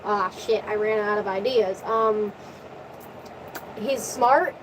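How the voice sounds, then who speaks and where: A woman's voice: medium pitch, slow pace, far from the mic, background noise, lightly acted. A woman quoting a blunt, insistent goddess in her own everyday voice. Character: wise, blunt goddess Athena, female.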